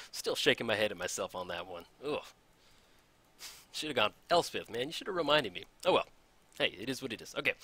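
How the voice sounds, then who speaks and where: Excitable, bright-voiced male game commentator. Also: on the low side. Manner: excitable, laughs often, chatty and self-deprecating. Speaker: gameplay commentator. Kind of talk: casual card game commentary.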